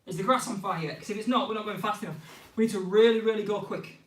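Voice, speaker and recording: Breathless, high-voiced football coach counting reps. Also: male voice, quick pace, echoey room, distant mic, rough recording. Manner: energetic, counts reps aloud and cheers students on. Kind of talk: live online skills class.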